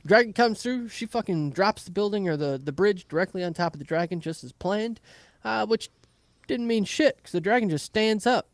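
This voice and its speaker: A man's voice: sits high, normal speed, no echo. A man casually recapping an anime episode, swearing freely and acting out characters' lines in playful asides. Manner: animated retelling with playful voiced asides. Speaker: podcast host recapping an anime.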